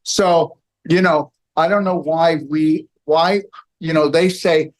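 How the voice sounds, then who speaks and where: A man lecturing to a live audience in a room, his voice sitting fairly high for a man. He rambles and presses his points hard, forever tacking on okay and all right. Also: steady tone, a little slow.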